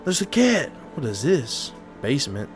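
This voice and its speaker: A man giving casual, excitable gameplay commentary, talking to his chat and saying dude a lot. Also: medium pitch, moderate pace, faint music behind. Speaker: gaming video host.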